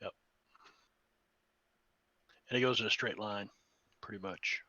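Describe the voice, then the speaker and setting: A man's voice: on the low side, steady tone, slow, bright, forceful tone, lo-fi sound. A man playing a tabletop game over voice chat, in casual, easygoing banter. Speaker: player.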